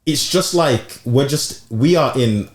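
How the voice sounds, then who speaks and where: A man's voice: medium pitch, slow pace. A young man with a Birmingham accent co-hosting a podcast, arguing his point animatedly in casual slang. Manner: animated, argumentative, slang-heavy. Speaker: podcast co-host. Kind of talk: casual chat. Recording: echoey room.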